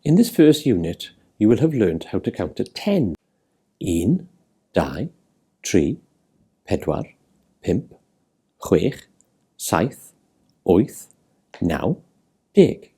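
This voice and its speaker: A man teaching a language lesson, explaining and clearly modelling words for learners. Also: lowish voice, sing-song, very slow, long pauses, mellow. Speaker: Welsh language tutor. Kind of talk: scripted teaching narration.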